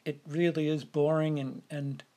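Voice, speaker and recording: A man's voice: on the high side, flat delivery, mellow. A man co-hosting a podcast, chatting casually about a film and often repeating words as he searches for what to say. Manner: halting, repeats words while searching for phrasing. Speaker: podcast co-host.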